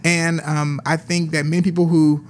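A man's voice: fairly high pitch, flat delivery, normal speed, a little hiss or hum. A man hosting a podcast interview, chatty and self-deprecating, often restarting his sentences. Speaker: podcast host. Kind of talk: casual interview chat.

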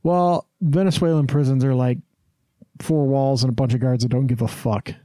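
A man's voice: mid-range voice, steady tone, normal speed, dark tone, no echo. A man hosting a podcast in casual chat, blunt and rambling, swearing freely. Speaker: podcast host.

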